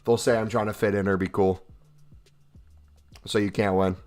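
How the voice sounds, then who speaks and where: American guy chatting on stream, low voice. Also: flat delivery, moderate pace, darkish tone, soft background music. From United States. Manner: chatty, answers viewer questions with jokes. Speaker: streamer reading live chat. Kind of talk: casual livestream chat.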